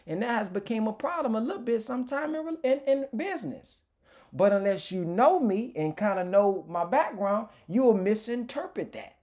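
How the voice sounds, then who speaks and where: A motivational speaker gives an informal, emotional personal testimony, candid and reflective, often restarting his sentences. His voice is high with lively intonation, at a normal speed.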